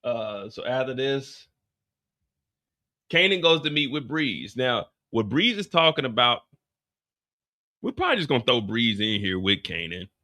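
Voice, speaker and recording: A man hosting a casual live recap show, talking animated and profane. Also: medium pitch, a little slow, long pauses, dry recording, clean studio sound. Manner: animated, profane, laughing aside. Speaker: host.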